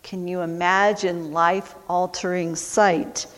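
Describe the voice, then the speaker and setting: At a medium pitch, a woman preacher takes her time through a sermon, lingering over phrase after phrase. Repetition of key words drives home her points, while each line dissolves into a lengthy hall reverb.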